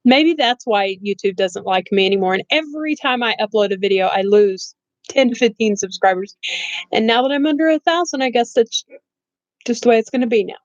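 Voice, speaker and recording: A woman's voice: a little high, a little fast, dry recording, lo-fi sound. A middle-aged woman chatting casually on a live stream, blunt and rambling, laughing often and saying she has no filter. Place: bedroom at home.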